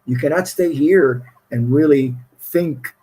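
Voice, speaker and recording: A middle-aged man with a foreign accent tells stories in a relaxed interview, rambling and laughing as he goes. His voice sits a little high and has a husky grain. He often restarts his phrases mid-thought. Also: slow, poor audio. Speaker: guest musician. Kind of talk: casual storytelling interview.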